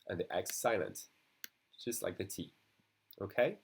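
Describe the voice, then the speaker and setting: Teacher: French man with a French accent, low voice, patient and repetitive. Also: animated, breathy edge. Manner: explains patiently, repeating words slowly. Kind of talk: beginner language lesson.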